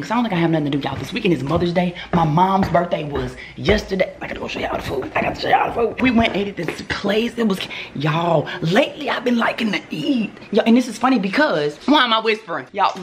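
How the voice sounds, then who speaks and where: Young woman, casual phone vlog, jokey, clear background noise. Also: mid-range voice. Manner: chatty, joking, addresses viewers as y'all. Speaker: vlogger. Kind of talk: casual vlog chat to camera. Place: home and car.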